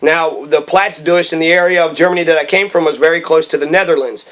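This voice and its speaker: A man's voice: fairly high pitch, steady tone, quick pace, fairly bright tone, low-quality recording. A man rambling about history and ancestry, cursing often and circling back with fillers. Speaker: history commentator. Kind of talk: rambling profane commentary.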